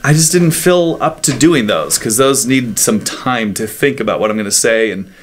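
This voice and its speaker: With a little hiss or hum in the audio, a man of medium pitch talks at normal speed with lively intonation. He's casually vlogging on a desk mic from his home office in a house in the woods, chatty, rambling, and interrupting himself while showing things off.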